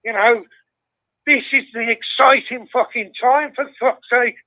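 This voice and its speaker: A man calls in to a football phone-in and chats loosely, cursing constantly and laughing as he goes. His voice sits high. It comes through a thin, tinny phone line with a dry, close sound. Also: steady tone, unhurried, no room sound. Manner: swears constantly, laughs easily, rambling. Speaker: caller. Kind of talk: casual phone-in chat.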